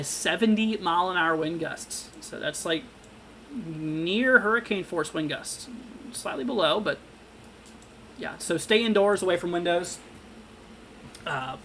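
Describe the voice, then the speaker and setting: Bright-voiced casual weather streamer man. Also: high voice, a little hiss or hum. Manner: casual, filler-heavy, halting restarts. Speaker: livestream weather host. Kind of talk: live severe-weather coverage and chat reading.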